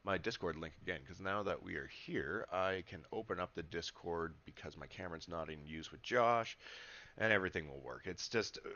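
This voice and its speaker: Deep gravelly man on a livestream. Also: normal speed, pushed and bright, lo-fi sound. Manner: chatty, rambling, upbeat, laughs often. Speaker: livestreamer and spiritual teacher. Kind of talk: casual livestream chat. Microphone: webcam setup.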